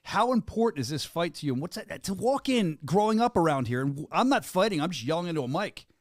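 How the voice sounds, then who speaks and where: A man hosting a podcast, joking and laughing in quick, hyped chat. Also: on the high side, big pitch swings, dry recording, clean studio sound. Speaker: podcast host and venue announcer. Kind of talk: casual chat.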